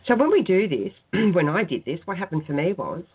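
A woman guest in a spiritual radio interview, telling her personal story in an earnest, soft-spoken way. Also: on the low side, big pitch swings, a little fast, slightly rough. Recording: tinny phone-line sound.

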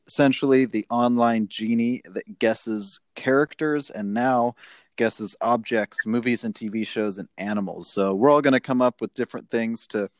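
A man's voice: fairly low pitch, no echo. A young man hosting a casual gaming chat on a headset mic, upbeat and laughing often. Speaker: host. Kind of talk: casual chat while playing a game.

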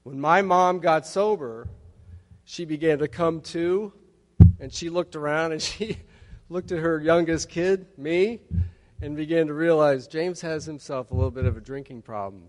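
A man's voice: on the high side, normal speed. A man in his fifties from Texas, telling his recovery story to a meeting with wry, humorous asides. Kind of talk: personal testimony talk. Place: large hall at a conference. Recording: long hall reverb.

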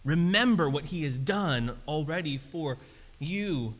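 A man preaching a sermon in a casual, conversational way that turns animated and emphatic. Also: fairly high pitch, slow pace. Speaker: pastor. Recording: reverberant hall.

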